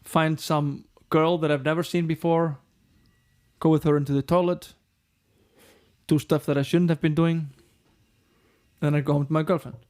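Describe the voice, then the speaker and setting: An Icelandic rock frontman in middle age, speaking English as a second language with a slightly high voice. He tells his story bluntly and swears freely, slipping into the voices of the people he quotes. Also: little pitch movement, moderate pace, pauses often, a little mellow. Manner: frank and profane, acts out quoted dialogue. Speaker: rock band frontman, guest. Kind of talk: candid interview storytelling.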